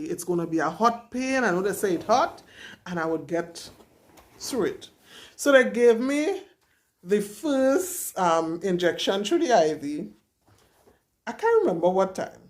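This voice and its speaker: A young woman, candidly and dramatically retelling her own story to camera as a vlogger. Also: medium pitch.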